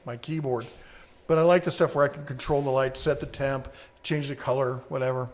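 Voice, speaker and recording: A man's voice: medium pitch, fairly even intonation, a little fast. A man co-hosting a casual live-stream podcast, rambling easily and reading viewer comments aloud.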